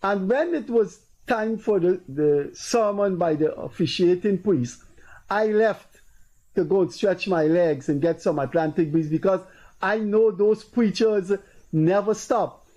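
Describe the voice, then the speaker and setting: A man's voice: high voice, measured pace, dark tone, rough recording. A Guyanese man hosting a political talk show, telling stories and acting out the people he quotes in a raised, emphatic voice. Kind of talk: casual political commentary.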